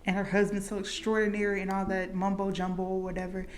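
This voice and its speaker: A woman's voice: medium pitch, monotone, quick pace. Casting note: woman vlogger, chatty recap, loose filler-heavy delivery. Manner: chatty, many likes and fillers. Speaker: movie reaction vlogger. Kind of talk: casual movie recap.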